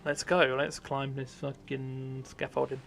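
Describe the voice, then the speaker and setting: A man's voice: medium pitch, little pitch movement, a little slow, creaky, a bit bright. A young man casually commentating his game live on stream, swearing often, mocking himself and laughing easily.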